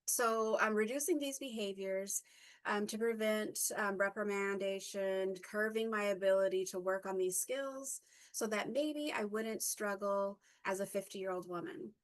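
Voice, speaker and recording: A woman in her fifties telling a personal reflective story as a workshop speaker, halting, with frequent fillers, self-corrections and an occasional stutter. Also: mid-range voice, low-quality recording.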